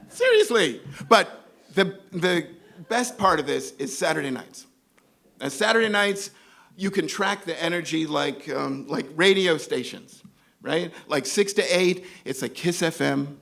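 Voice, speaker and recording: This New York man has a fairly high voice with some vocal fry. He's doing live comedic storytelling, recounting a funny episode from his own life to an audience and animatedly performing the voices of the people involved.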